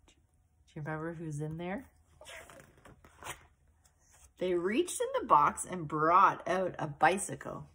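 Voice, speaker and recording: A woman reading a picture book aloud to a child, slowly and expressively, with little asides about the pictures. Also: on the low side, lively intonation, bright, forceful tone, breathy edge.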